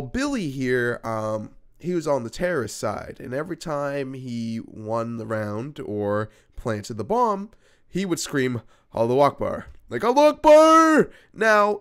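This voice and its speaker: Lively young man swearing through a story. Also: mid-range voice, clean tone. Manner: animated, profane, conversational. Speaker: YouTuber telling a personal story. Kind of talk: casual storytelling vlog.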